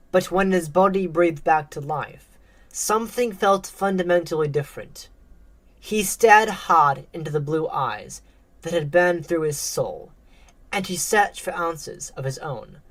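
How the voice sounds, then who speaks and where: A woman narrating a tense story with a measured, dramatic delivery. Her voice sits on the low side, and she takes her time over each line.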